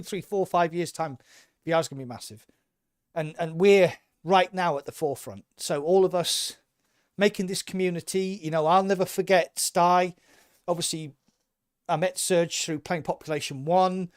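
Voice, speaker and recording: A man's voice: high voice, no echo, studio quality. A man co-hosting a casual podcast, talking with eager enthusiasm and rambling through restarts. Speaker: podcast co-host.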